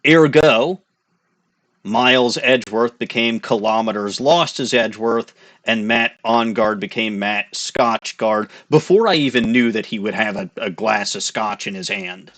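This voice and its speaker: A man's voice: lowish voice, a little slow, fairly bright tone. A man hosting a game playthrough, chatting casually with self-deprecating asides. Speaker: let's-play host.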